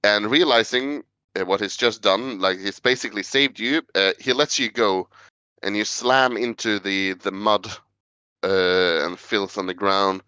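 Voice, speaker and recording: Bright, crisp-voiced man narrating a tabletop game. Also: lowish voice, fairly even intonation, a little slow, no room sound. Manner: chatty, filler-heavy narration with frequent uh and like. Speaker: game master.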